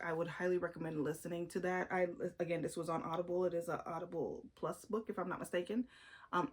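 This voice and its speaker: A woman giving a casual, chatty book review, emphatic and full of opinionated asides. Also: lowish voice.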